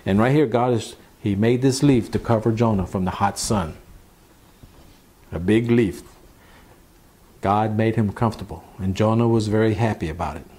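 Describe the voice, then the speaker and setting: A man's voice: fairly low pitch, moderate pace, pauses often, darkish tone, breathy edge. A man preaching a sermon, asking rhetorical questions and reading scripture aloud. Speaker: pastor.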